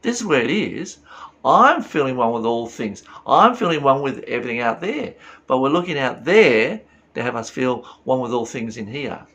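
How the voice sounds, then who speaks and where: A man's voice: mid-range voice, very animated, moderate pace, fairly bright tone, breathy edge, lo-fi sound. A man giving a reflective spiritual talk, earnest and full of rhetorical questions. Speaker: spiritual teacher.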